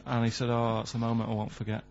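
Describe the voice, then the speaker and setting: A man with a Mancunian accent, speaking at a middling pitch in a flat, deadpan manner. His questions come out literal and unhurried. The sound is a little dull and lo-fi. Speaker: radio show regular. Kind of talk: casual radio banter. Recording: slightly dull lo-fi radio recording.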